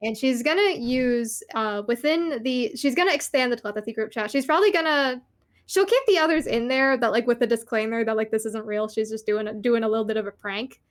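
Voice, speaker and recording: A woman playing a tabletop game, talking in a loose, rambling way. She giggles often and swears freely, and her voice sits fairly high. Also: fairly quick. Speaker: player. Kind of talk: casual tabletop game play.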